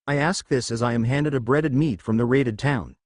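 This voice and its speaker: A man's voice: mid-range voice, normal speed, no echo, studio quality. A man reading a first-person story recap as scripted storybook narration.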